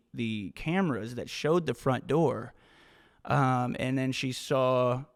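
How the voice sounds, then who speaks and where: A man talks straight into the mic in a forceful, swearing, motivational style, circling back over his points. His voice sits at an ordinary middle pitch. A long reverb tail trails after his words. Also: smooth. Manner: emphatic, profane, repeats himself. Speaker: podcast host. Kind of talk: motivational podcast monologue.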